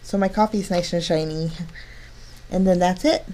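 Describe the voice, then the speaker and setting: A woman's voice: lowish voice, moderate pace, mellow. A woman narrating a card-making tutorial, chatty and step-by-step, delighted with her work.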